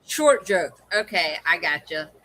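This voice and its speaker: A woman's voice: fairly low pitch, unhurried, a little hiss or hum. A middle-aged woman co-hosting a pet hobby live stream, chatting casually and acting out quoted lines as she tells a story. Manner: animated, acts out quoted dialogue.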